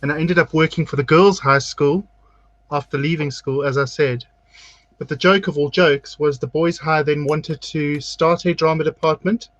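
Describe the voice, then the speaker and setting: A man's voice: fairly high pitch, steady tone, moderate pace, fairly bright tone, dry recording, muffled recording. A man hosting a casual drag chat show, telling stories at length and acting out what people said, while doing his makeup on a video call. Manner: chatty storyteller, acts out quotes. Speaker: drag queen host.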